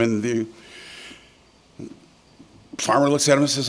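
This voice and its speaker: A man's voice: mid-range voice, flat delivery, normal speed, pauses often. Older man telling a folksy keynote story. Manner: folksy storyteller, frequent filler words. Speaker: keynote speaker. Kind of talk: conference keynote speech. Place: yacht club event hall.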